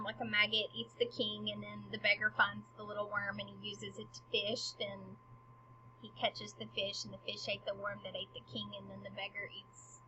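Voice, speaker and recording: A woman's voice: mid-range voice, noisy background. A woman casually explaining a play scene by scene, paraphrasing it in modern slang, often dropping to a near whisper. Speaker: literature explainer. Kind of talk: casual spoken study guide. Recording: dull lo-fi recording.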